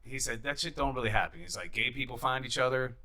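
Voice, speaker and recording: A young man telling stories as a podcast guest, casual and animated, swearing freely and acting out the people he quotes. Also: mid-range voice, fast. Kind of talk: casual storytelling.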